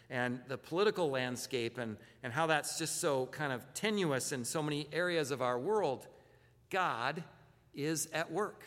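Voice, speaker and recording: A man's voice: fairly high pitch, a bit bright, long reverb tail. A man preaching a sermon as a pastor, talking conversationally, often repeating words and posing rhetorical questions. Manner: conversational, self-correcting, asks rhetorical questions.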